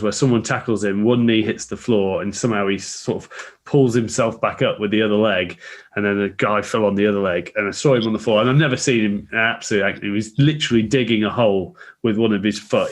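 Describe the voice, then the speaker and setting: A man co-hosting a casual podcast, telling stories with lively, loud acted-out quotes. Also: fairly low pitch. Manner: lively storyteller, acts out quotes loudly. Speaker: podcast co-host.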